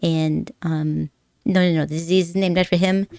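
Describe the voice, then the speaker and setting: A woman streamer rambles through a casual chat with her viewers, giggling often and teasing them playfully. Her voice sits fairly low, and the close mic sounds dry with no room echo. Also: fairly even intonation, normal speed, creaky, a little mellow. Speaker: live streamer.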